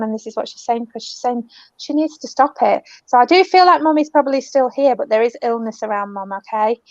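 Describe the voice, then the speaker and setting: British woman medium, gentle and soothing, slightly high, muffled dry recording. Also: brisk, dry recording. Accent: British English. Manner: gentle, soothing, calls people love and darling. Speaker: spiritual medium. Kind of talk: live online reading. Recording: dull, dry lo-fi audio.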